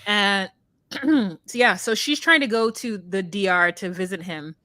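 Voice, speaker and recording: A woman co-hosts a relaxed recap podcast, speaking unhurriedly as she tells the story with animation and acts out quotes in high voices. There's no room sound.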